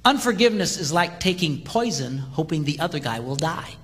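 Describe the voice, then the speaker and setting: Animated male preacher in a reverberant hall. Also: fairly quick. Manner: animated, jumps to high voices for quotes, laughs. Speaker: marriage seminar speaker. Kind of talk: humorous sermon storytelling. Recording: live hall with long reverb, faint ambience.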